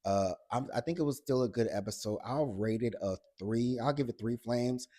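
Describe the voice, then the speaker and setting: A man's voice: mid-range voice, normal speed, dark tone. A man recapping a reality TV episode in a casual vlog. He is blunt and profane, talks straight to the cast, and retells scenes in a chatty, gossipy way.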